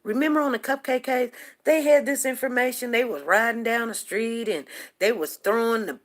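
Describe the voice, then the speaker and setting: This talk-show host is a woman with a fairly high-pitched voice and a moderate pace. Her casual monologue wanders and repeats as she drives home emphatic points to her listeners.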